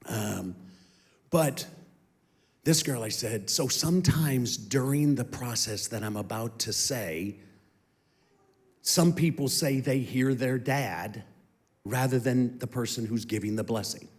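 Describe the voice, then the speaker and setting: A man's voice: mid-range voice, slow. A middle-aged man giving a heartfelt testimony that swells into impassioned emphasis. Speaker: guest speaker giving testimony. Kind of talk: emotional testimony.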